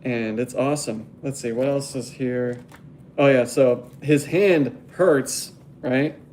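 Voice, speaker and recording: A young man rambles through a casual livestream about his graphic novel art. His voice is mellow and relaxed, broken by frequent laughter, over a soft bed of background noise. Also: medium pitch, slow pace. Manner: rambling and laughing often, animated. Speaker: graphic novel artist streaming live.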